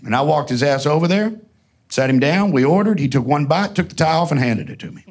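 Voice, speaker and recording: A man telling profane, animated stories in a casual way, laughing often. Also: on the high side, quick pace. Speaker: storyteller guest. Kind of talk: casual storytelling before an audience.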